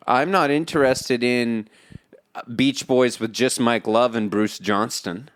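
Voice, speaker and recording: Over a remote call, a podcast co-host chats casually, rambling, laughing and frequently dropping into movie lines. He speaks slowly, at a medium pitch, with a fairly bright tone.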